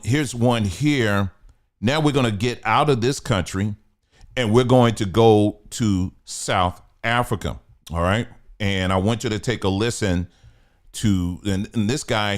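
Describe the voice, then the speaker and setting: A man hosting a commentary channel, talking earnestly and repetitively, checking that his listeners follow along. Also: sits low. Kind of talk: conversational commentary monologue.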